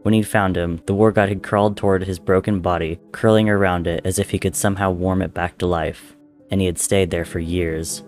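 A man narrating a dark dramatic story in a measured, intense reading. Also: deep voice.

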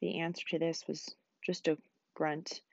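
Woman teacher reading a chapter aloud; low voice, dry close sound. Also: vocal fry, no room sound, lo-fi sound. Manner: quick, expressive reading.

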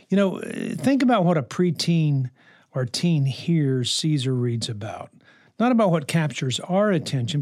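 A man's voice: medium pitch, darkish tone, dry recording, studio quality. A middle-aged man hosting a podcast, giving a devotional talk in a conversational way with many fillers. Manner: conversational, with frequent fillers and restarts. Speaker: podcast host and counselor.

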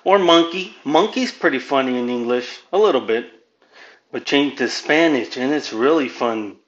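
A man's voice: medium pitch, moderate pace, dull audio. A man from Southern California doing a profane, rambling stand-up monologue as a podcast host, dropping Spanish phrases into his English. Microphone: home podcast mic.

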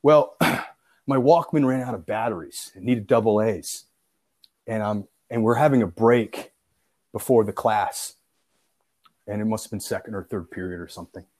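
In a lowish voice at a moderate pace, a young man recounts an old school prank during casual chat. He tells it animatedly, laughing often, acting out quotes, and swearing freely.

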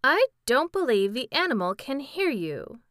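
A woman's voice: high-pitched, very animated, unhurried, a bit bright, no room sound, studio quality, pitched above the performer's own voice, full character voice. A woman reading the part of a cheerful, simple pumpkin-headed man in a storybook, speaking mildly.

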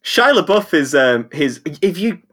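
Excitable rambling man, lively pitch. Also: a little slow. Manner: rambling, self-interrupting, excitable. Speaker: podcast co-host. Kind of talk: casual chat.

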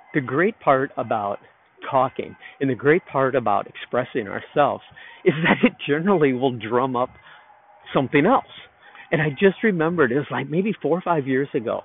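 A podcast host speaks from a park at normal speed, his mid-range voice lively in intonation as he reflects aloud through a wandering story on his own. The narrow, phone-like recording carries a little hiss or hum.

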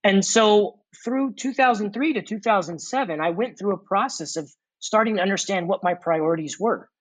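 A man guest in an interview, earnestly telling a personal testimony with reflective pauses and fillers. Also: high-pitched, no room sound, low-quality recording. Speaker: former corporate executive turned mission worker.

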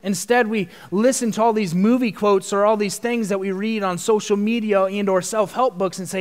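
Guy with a high voice preaching a sermon, earnest, big echo from the hall. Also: fairly even intonation, normal speed, few pauses. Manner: earnest preaching, rising to loud emphasis. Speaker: pastor. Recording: long church reverb.

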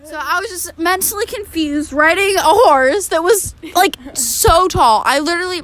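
A teenage girl telling stories in casual chat, animated and swearing freely. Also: extremely high pitch, normal speed.

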